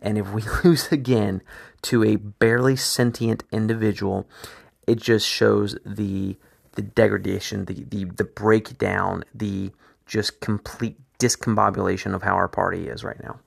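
A man's voice: fairly low pitch, flat delivery, unhurried, creaky, slightly rough. A man hosting a political commentary show, talking emphatically and restarting his phrases as he builds his points. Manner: emphatic, repeats words while building points.

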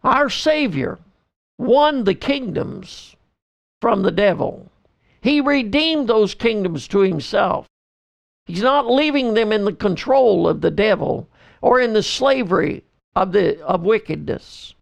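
Working verse by verse through a Bible book, this pastor and podcast host reads the scripture in slow, deliberate phrases. His voice sits high and sounds creaky, with lively intonation.

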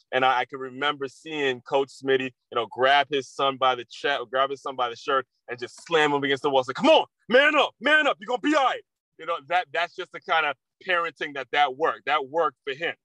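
A man's voice: medium pitch, sharp tone, no echo, poor audio. A man hosting a podcast, talking casually and candidly with frequent swearing and restarts. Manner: candid, profane, repetitive restarts. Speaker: podcast host. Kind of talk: casual monologue.

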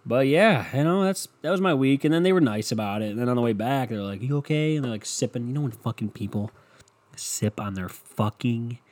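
Rambling and swearing freely, a young adult podcast host tells stories in a casual rant. He talks a little fast at a medium pitch, and his tone is a little mellow.

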